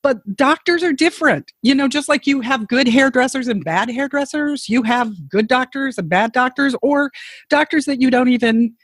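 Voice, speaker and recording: A woman's voice: high-pitched, moderate pace, no room sound. A woman podcast host in casual conversation, earnest and encouraging as she responds to her guest. Her voice is recorded close and dry, with no room sound. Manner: supportive interjections, earnest advocacy. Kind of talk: casual interview chat.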